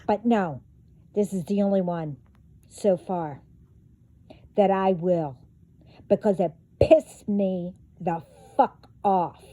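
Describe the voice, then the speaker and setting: A woman's voice: medium pitch, takes it slowly, pauses often, mellow, no room sound. A woman vlogger delivering a profane, confrontational rant straight to her viewers. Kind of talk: angry rant to camera.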